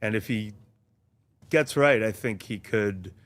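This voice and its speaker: A man who is a sports journalist, a guest on a talk show, speaking thoughtfully with frequent pauses and fillers. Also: fairly low pitch, no echo. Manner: thoughtful, many ums and restarts.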